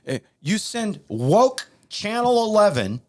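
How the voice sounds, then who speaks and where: A man's voice: high voice, very animated, slow. A man hosting a talk show, preaching in a heated, emphatic and repetitive way. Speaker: podcast host.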